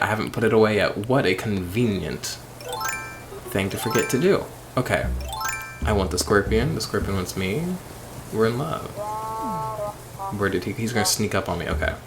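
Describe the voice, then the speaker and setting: A sleepy man chatting casually and rambling while playing a game late at night, with sudden excited squeals. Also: on the low side, creaky, background noise. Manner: rambling, self-deprecating, bursts of excited squeals. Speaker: streamer.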